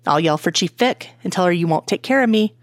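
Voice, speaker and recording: A woman's voice: lowish voice, animated, quick pace, no room sound, clean studio sound, natural voice. A woman reading as a playful, weepy young man. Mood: playful, pleading. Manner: playful and pleading. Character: excitable teasing young man, crush-struck and weepy.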